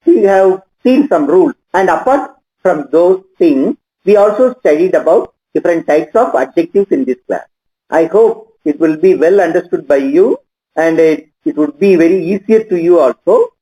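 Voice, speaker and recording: An older man, teaching a grammar lesson patiently and repeating each example slowly. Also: high voice, warm tone, breathy edge, rough recording. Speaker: English teacher.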